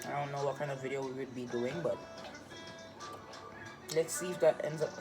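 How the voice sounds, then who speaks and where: A woman's voice: extremely low pitch, steady tone, normal speed. A young woman with a Jamaican accent, rambling and chatty as she vlogs casually to her viewers. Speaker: vlogger. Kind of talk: casual vlog chat. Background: music.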